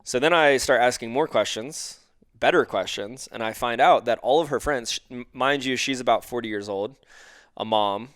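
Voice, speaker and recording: As a guest life coach in a conversational podcast interview, a man explains ideas through examples and acts out the lines of the people he quotes. His mid-range voice is fairly bright at normal speed, captured as clean studio sound with no room sound.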